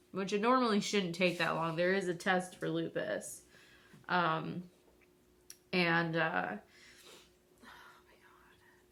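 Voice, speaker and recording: A woman's voice: on the low side, bright, forceful tone. A woman vlogger chatting casually to viewers while doing her makeup, rambling and self-deprecating.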